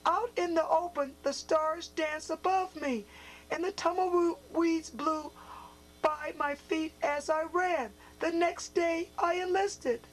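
Brief: soft-spoken elderly grandfather in a storybook read-aloud, voiced high by a woman. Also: steady tone, slow, a little hiss or hum, rough recording. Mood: reminiscing. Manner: soft, quiet, sometimes stern. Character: old Navajo grandfather, gentle and firm.

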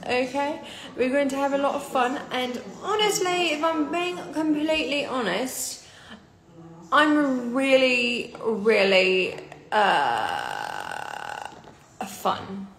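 A woman's voice: sits high, fairly bright tone, reverberant. A young woman hosting a casual phone live stream, tired and blunt, calling viewers darling. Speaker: livestream host.

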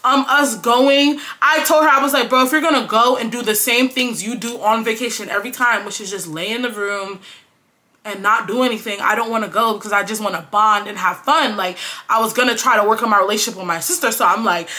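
A young woman in her late teens telling a storytime to camera in casual, slangy chat, acting out quotes loudly. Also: a little high, fairly quick. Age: young adult. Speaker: vlogger.

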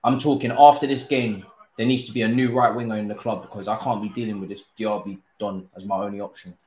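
Exasperated young man, low voice, echoey. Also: fairly even intonation, fast talker, darkish tone. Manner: exasperated, swearing, frequent sighs. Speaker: gaming streamer. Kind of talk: live gameplay commentary.

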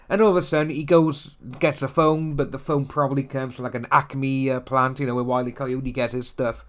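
A man's voice: fairly high pitch, normal speed. A man hosting a casual commentary vlog, talking in a rambling, chatty way full of fillers. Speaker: channel host.

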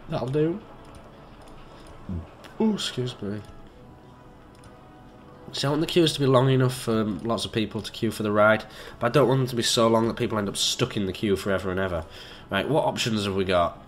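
A man giving let's play commentary, chatty and joking, swearing and talking to himself as he builds. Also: lowish voice. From Britain. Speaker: gamer.

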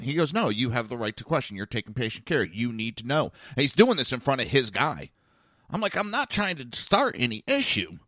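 A man telling a story on his own talk show, blunt and animated, his pitch swinging widely as he acts out the other people. His voice is bright and forceful, and the recording is dry and close. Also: no room sound. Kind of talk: casual storytelling monologue.

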